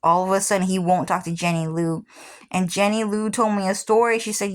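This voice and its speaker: A woman's voice: medium pitch, little pitch movement, fairly quick. A woman in her thirties telling a personal story in a casual, rambling way, often repeating herself and swearing. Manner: rambling, repeats "what happened is", swears freely. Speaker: vlogger.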